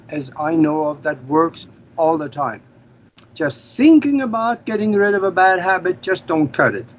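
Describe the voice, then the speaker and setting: A man from Norway, speaking English as a second language, explaining things earnestly as an interview guest. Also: on the high side. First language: Norwegian. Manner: earnest, explanatory, slightly non-native grammar. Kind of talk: casual interview talk. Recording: slightly dull lo-fi audio with faint noise.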